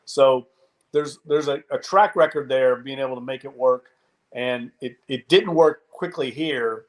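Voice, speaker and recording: Male podcast co-host, casual sports chat, analytical, measured delivery. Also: medium pitch. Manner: measured, analytical, frequent restarts.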